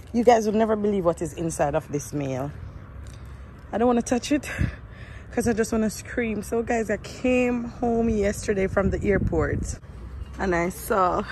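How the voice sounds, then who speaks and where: A woman with a Jamaican accent, vlogging from home in a casual, excitable way, who also prays aloud. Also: mid-range voice, a little hiss or hum. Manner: prayerful, then excited and loud.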